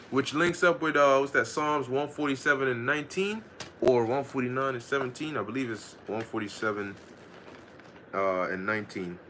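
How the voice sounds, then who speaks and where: A man giving a casual scripture lesson, reading verses slowly and commenting in loose, profane talk with frequent laughter. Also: mid-range voice, a bit bright. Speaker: Bible teacher.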